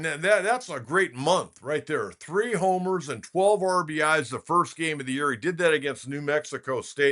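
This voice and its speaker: A man's voice: a little high, fairly bright tone. An older man in his sixties, from California, runs a casual sports talk show. He tells stories in a folksy, rambling way and leans on filler words as he goes. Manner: folksy, rambling storyteller with many filler uhs. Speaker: sports radio host.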